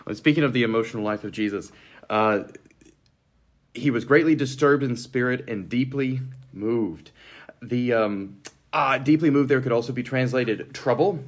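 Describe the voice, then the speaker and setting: Measured, explanatory man, mid-pitched. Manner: measured, explanatory, many likes and ums. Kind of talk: thoughtful conversational Bible discussion.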